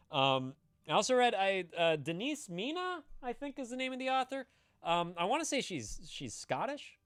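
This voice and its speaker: A man's voice: medium pitch, fairly bright tone, clean tone, dry recording, clean studio sound. A man chatting casually on a live stream, rambling, laughing and swearing as he answers viewers.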